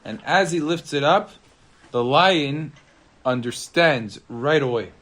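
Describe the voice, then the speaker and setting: Man, rabbi, storytelling, animated and dramatic, somewhat high voice. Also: takes it slowly. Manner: animated, dramatic swings of pitch and loudness. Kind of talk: storytelling a tale to listeners.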